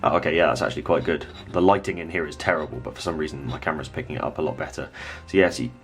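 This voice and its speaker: A man with a very low voice talks through a painting tutorial at home. He rambles a little and thinks aloud as he works. Faint music plays behind him. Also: racing. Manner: relaxed, rambling, thinks aloud while working. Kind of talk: casual hobby tutorial.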